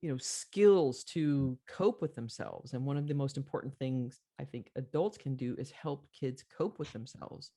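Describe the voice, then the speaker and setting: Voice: medium pitch, normal speed, few pauses, dark tone. A podcast host telling a story in an earnest, reflective conversational way, with frequent fillers.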